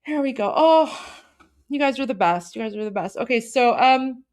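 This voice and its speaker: Woman livestream host in her thirties, slightly high voice, hesitant and chatty. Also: lively intonation, normal speed. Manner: rambling, hesitant, emotional and warm toward viewers. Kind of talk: casual livestream chat to viewers.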